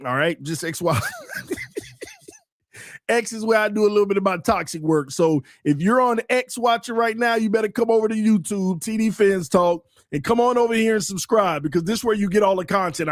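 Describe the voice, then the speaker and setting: A high-pitched man hosting a live sports talk stream, loud and excitable, looping back over the same lines in heavy slang. His voice sits close and dry on the mic, with no room around it. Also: no echo. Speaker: podcast host.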